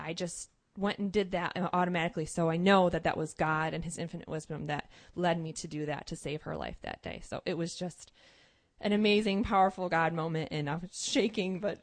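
A young woman, a mother, telling a personal story in an earnest, animated way with many fillers. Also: lowish voice, brisk, no room sound. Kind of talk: casual personal testimony.

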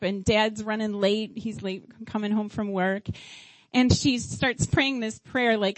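A middle-aged mother shares family and parenting stories in a casual faith-based talk, animatedly acting out things she once said. Her voice is fairly high and her pace normal, on poor audio with no room sound.

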